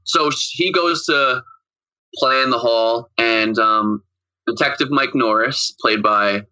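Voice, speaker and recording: A man chats through a film's plot on a podcast, wandering from scene to scene and acting out the characters' lines. His voice is very bright and forceful at an ordinary middle pitch. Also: slow pace, rough recording. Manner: rambling, retells scenes with quoted lines. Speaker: podcast co-host. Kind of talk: casual movie recap chat.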